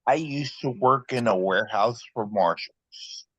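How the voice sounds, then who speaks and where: A man in a casual podcast chat, recalling something slowly and hesitantly. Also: medium pitch, slightly rough, dry recording, dull audio. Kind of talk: casual conversation.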